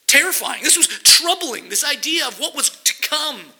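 A man's voice: very high voice, big pitch swings, moderate pace, creaky, few pauses, bright, forceful tone, rough recording. A man preaching a sermon, reading scripture verses aloud and explaining them with emphasis. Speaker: pastor.

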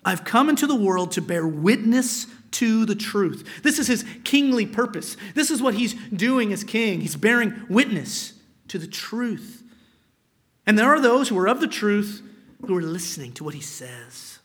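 High-voiced man preaching with emphasis. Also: a little slow. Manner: expressive preaching, drops to a whisper for emphasis. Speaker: pastor. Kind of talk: sermon.

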